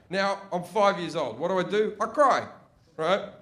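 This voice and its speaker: High-voiced swearing comedian. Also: male voice, normal speed. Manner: crude, swearing, animated storytelling. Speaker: stand-up comedian. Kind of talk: stand-up routine.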